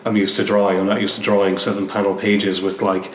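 A man talks in a halting, casual way, restarting his sentences often. His voice sits fairly low and sounds distant from the mic. The room adds a long, echoing reverb and a faint hiss. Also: completely flat delivery. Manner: hesitant, many restarts and fillers. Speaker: comic book artist guest. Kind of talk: casual interview conversation. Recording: roomy echo, distant mic, faint noise.

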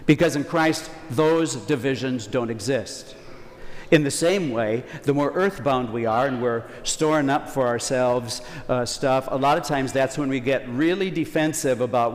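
Folksy preacher in a reverberant church. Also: male voice, medium pitch, a little slow. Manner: conversational, folksy preaching with acted-out quotes. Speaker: priest. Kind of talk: Sunday homily.

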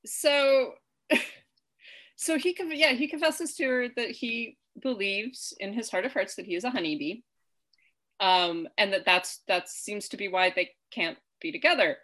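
A woman co-hosting a casual chat about a film, animated, laughing often and acting out quotes. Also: medium pitch, a little slow. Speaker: podcast co-host.

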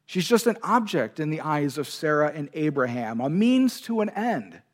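A male pastor with a fairly high, very animated voice preaches an earnest sermon at a moderate pace. He stresses key words and gives God's lines real feeling and emphasis.

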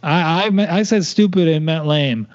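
A man's voice: a little high, moderate pace. A man co-hosting a podcast, teasing and stubbornly holding his line in casual chat. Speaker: podcast co-host. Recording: dull lo-fi podcast audio.

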